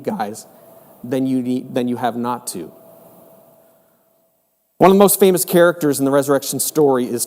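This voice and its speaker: A man's voice: mid-range voice, a little mellow. A middle-aged man preaching a sermon as pastor, in an earnest, conversational way with repeated emphasis. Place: church hall. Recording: echoey hall with long reverb.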